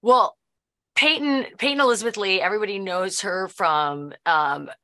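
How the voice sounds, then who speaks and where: Bright, animated middle-aged woman. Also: normal speed. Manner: animated, lively, jumps into high quoted voices. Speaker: actress and producer being interviewed. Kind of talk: casual interview chat.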